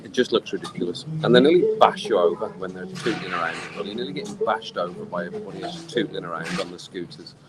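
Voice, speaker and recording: A man's voice: deep voice, quick pace, hardly any pauses, very noisy. A man ranting in a rambling, exasperated way during a casual live stream from an outdoor poolside bar, audibly tipsy from drinking. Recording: clear music behind the voice. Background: music playing.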